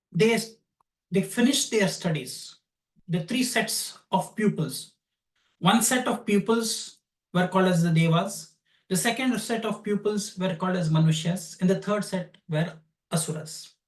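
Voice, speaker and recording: High-voiced man teaching in a roomy space. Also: a little slow. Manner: explanatory storytelling, defines each term. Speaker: astrology teacher. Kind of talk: lecture retelling a scripture story. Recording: roomy, distant from the mic.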